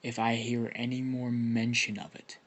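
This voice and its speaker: A man's voice: monotone, moderate pace, close to an everyday voice. Aizawa, a man doing a growling stern teacher. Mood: stern, threatening. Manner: low growling, half-whispered threats. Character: stern male teacher hero, gruff and threatening.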